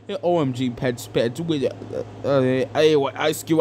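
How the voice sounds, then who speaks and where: A man's voice: medium pitch, slow, darkish tone, a little hiss or hum. A young man doing an improvised comedic fan dub, rambling and crude with lots of fillers. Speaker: fan dubber.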